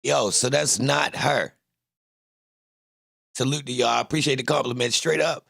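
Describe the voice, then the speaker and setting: Man, Baltimore accent, very gravelly, dry close sound, boastful, trash-talking livestream host. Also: medium pitch, steady tone, moderate pace, a bit bright, no echo. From Baltimore, Maryland. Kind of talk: casual livestream chat.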